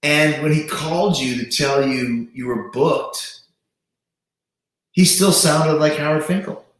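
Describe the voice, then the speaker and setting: This livestream host keeps things casual and animated, jumping back to restart quickly. When he imitates voices, his pitch leaps dramatically, all echoing around a very reverberant room.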